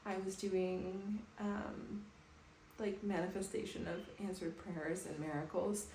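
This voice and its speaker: A woman in her thirties talking softly and calmly to camera in a personal home vlog. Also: fairly low pitch, takes it slowly. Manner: soft, calm, reflective. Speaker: vlogger. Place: bathroom at home, indoors. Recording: echoey room with faint background noise.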